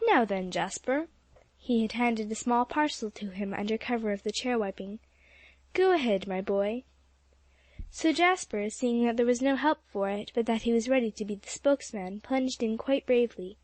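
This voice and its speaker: A woman's voice: fairly high pitch, brisk, hardly any pauses, a little mellow, no room sound. A woman reading an audiobook aloud as narrator, telling the story steadily. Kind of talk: scripted narration.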